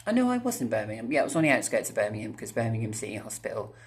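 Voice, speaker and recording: A man's voice: fairly low pitch, sing-song, very fast. A man, telling a rambling storytime to his viewers, swearing freely and breaking off into asides. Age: 30s. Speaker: vlogger. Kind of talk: casual storytime monologue.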